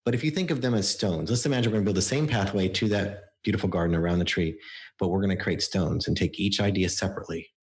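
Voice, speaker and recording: A book coach appears as a guest on a podcast interview, speaking fast in a low-pitched voice. He explains his coaching process through stories, acting out quotes from his clients.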